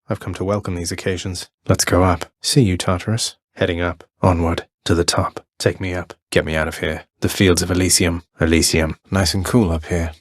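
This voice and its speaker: A man's voice: low voice, no room sound. An actor playing a young male underworld god prince, defiant and wry, trading sarcastic quips as game voice lines. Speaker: video game protagonist. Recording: dry studio recording.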